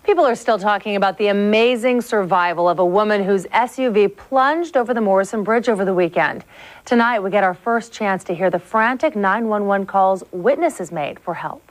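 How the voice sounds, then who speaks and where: A female news anchor reading scripted stories clearly and evenly. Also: mid-range voice. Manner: clear, measured delivery.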